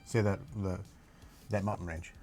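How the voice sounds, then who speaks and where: A man's voice: low-pitched, fairly even intonation, moderate pace, a little mellow. A man hosting a stream, chatting casually and teasing playfully. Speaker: streamer, host. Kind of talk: casual chat.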